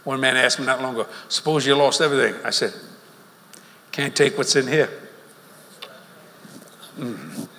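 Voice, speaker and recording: Animated preacher in a big hall. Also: male voice, medium pitch, normal speed, long pauses, a little hiss or hum. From Louisiana, USA. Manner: folksy, animated, laughing between lines. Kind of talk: sermon. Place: large church auditorium. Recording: long hall reverb with faint crowd ambience.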